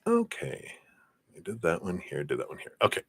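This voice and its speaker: A man giving a live-streamed card reading, chatting to viewers by name and passing on messages in a drawn-out, hesitant way. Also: sits low, wildly swooping pitch, a bit bright. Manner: chatty, reads viewer names and passes on spirit messages. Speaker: tarot reader.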